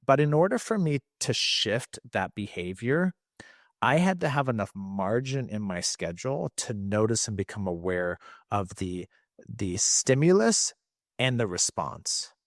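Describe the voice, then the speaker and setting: A man's voice: on the low side, big pitch swings, measured pace, no echo, studio quality. A man guest on a podcast, explaining behavior change earnestly through his own examples. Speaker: podcast guest, emotional health coach. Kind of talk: reflective interview talk.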